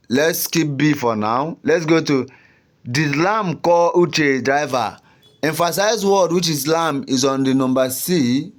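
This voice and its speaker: A young man tutoring exam students in a casual, repetitive way, often checking in with "you understand?". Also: medium pitch.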